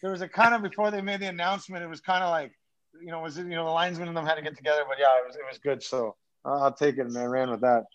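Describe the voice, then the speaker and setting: A former pro hockey player tells locker-room stories in a loose, profane, restart-heavy ramble. His voice sits a little high for a man. The recording sounds dull and lo-fi. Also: fairly even intonation, racing. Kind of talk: casual storytelling.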